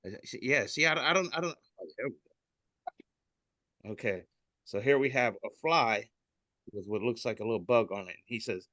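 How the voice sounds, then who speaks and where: A man's voice: mid-range voice, normal speed, pauses often, sharp tone, no echo. A man hosting a casual podcast, describing memes in a joking, irreverent way over a video call. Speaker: podcast host.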